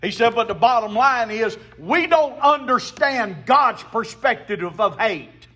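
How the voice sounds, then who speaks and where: A man's voice: very high voice, expressive, a little slow, bright, forceful tone. A man preaching a sermon as a pastor, emphatic, with call-and-response to the congregation.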